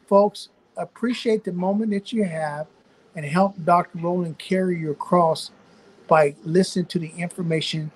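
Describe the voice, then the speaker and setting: A man's voice: sits high, moderate pace, rough recording. An older man with a Louisiana Southern accent, a physician guest talking folksy and preachy in a live online chat over a video call.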